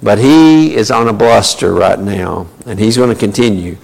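A man's voice: lowish voice, normal speed, creaky, darkish tone. A man teaching a Bible study in a conversational way, with many fillers and asides. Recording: long reverb of a large hall.

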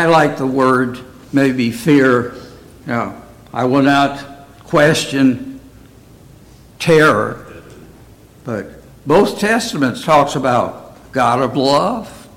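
A man's voice: mid-range voice, fairly bright tone, rough recording. A man teaching a Bible study in a plain, conversational way, often asking his listeners questions.

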